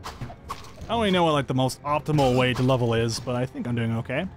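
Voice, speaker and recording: A man's voice: mid-range voice, animated, a little fast, soft background music. A man giving upbeat, chatty let's-play commentary, thinking aloud as he plays. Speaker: gameplay commentator.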